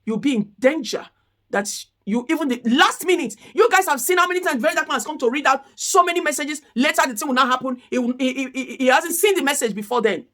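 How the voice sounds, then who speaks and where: A woman's voice: high-pitched, animated, quick pace, bright, forceful tone. A woman giving an impassioned commentary rant, firing off repeated rhetorical questions. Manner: indignant, repetitive rhetorical questions. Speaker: commentary vlogger.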